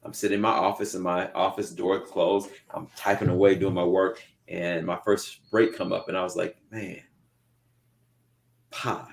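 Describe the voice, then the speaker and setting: A low, gravelly man chatting with his co-host. He tells lively stories and puts on voices to act out his anecdotes. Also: normal speed, hardly any pauses. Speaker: podcast co-host. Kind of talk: casual chat, animated storytelling.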